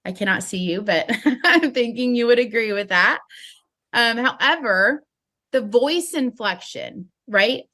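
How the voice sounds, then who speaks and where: A woman giving an upbeat, animated network-marketing training talk, speaking with a smile in her voice. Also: a little high, a little slow. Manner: upbeat, animated, smiling delivery. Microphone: phone.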